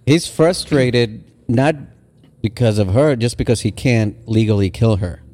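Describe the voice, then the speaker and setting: Sarcastic man with a mellow voice. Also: mid-range voice, animated, unhurried. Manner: sarcastic, profane, reads ad copy aloud. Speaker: podcast co-host. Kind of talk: comedic casual chat reading old ads.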